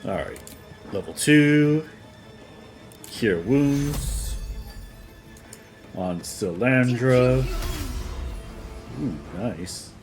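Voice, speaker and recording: A man's voice: mid-range voice, lively intonation, extremely slow, pauses often. A man streaming a role-playing game, talking through his moves in a laid-back way over game music. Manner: laid-back, talks himself through each move. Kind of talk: let's-play commentary. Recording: game music loud behind voice.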